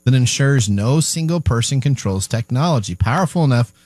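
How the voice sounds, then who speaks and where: A man's voice: mid-range voice, lively intonation, a little mellow, no room sound. A man hosting a weekly tech radio show, chatting casually and often stumbling over repeated words. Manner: halting, repeats words when restarting. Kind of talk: casual talk radio banter.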